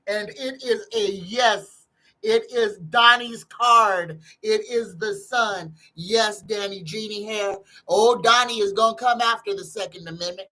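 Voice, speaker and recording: A woman's voice: medium pitch, takes it slowly, sharp tone, rough recording. A woman hosting a live tarot stream, chatting casually in a folksy way and greeting her viewers one by one.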